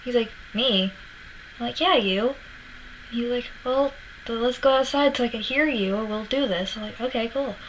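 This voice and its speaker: A young woman from Florida tells a story to her camera in a chatty, lively way, acting out what others said and laughing often. Her voice sits a bit high. A faint hiss runs under it. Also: moderate pace, low-quality recording. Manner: chatty, acts out quotes, laughs often, swears. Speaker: vlogger. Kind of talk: casual storytelling.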